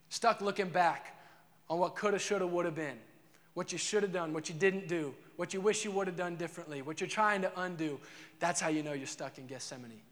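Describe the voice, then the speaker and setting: Earnest high-voiced man preaching in a hall. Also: a bit bright. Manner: earnest, repetitive preaching with rhetorical questions to the crowd. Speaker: pastor. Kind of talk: sermon.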